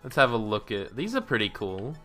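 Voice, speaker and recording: Animated, swearing game streamer man. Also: on the low side, a little fast, faint music behind. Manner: swears freely, laughs often, bursts into loud outrage. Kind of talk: casual gameplay commentary.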